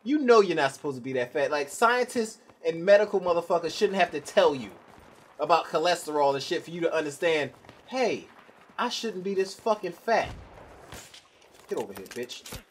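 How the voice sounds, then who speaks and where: A man's voice: a little high, expressive, fairly quick, a little hiss or hum. Profane ranting young man gaming. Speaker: gamer commentating his own gameplay. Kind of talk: live gameplay commentary rant.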